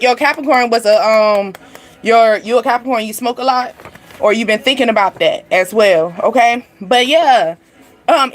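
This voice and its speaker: A woman giving a casual, animated tarot reading, laughing often and speaking straight to her viewers. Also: on the high side. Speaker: tarot reader. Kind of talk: livestream card reading.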